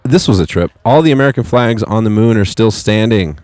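Deep low guy in his 30s riffing on a podcast, swears a lot, dry close sound. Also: expressive, a little fast, a little mellow, dry recording. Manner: loose, profane, rambling. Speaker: podcast co-host. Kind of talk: casual chat. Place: local market at an art college.

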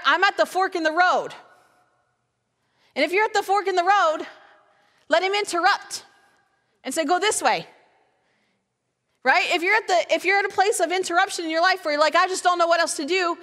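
A woman's voice: high voice, fairly bright tone, big-room sound. A woman guest speaker giving a conversational sermon, full of rhetorical questions and acted-out inner voices. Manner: acts out imagined inner voices.

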